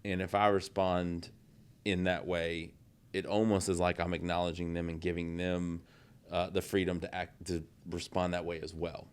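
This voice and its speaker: Casting: deep smooth male podcast host, chatty and full of fillers. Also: flat delivery, moderate pace. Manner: conversational, many fillers such as "like" and "you know". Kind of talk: casual podcast conversation.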